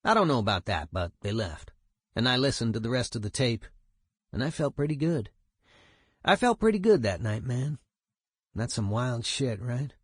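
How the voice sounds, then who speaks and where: A man's voice: mid-range voice, sing-song, moderate pace, long pauses, breathy edge, no room sound, studio quality. A man voicing a streetwise male punk musician, telling a story in a profane, emphatic way. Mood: animated.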